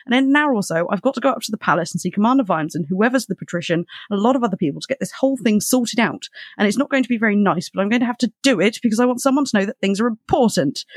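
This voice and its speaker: A podcaster reading aloud as an angry young male reporter, ranting with quick insistence and a raised voice. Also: medium pitch, vocal fry, breathy edge, no echo, studio quality. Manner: heated, indignant rant. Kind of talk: reading a novel passage aloud.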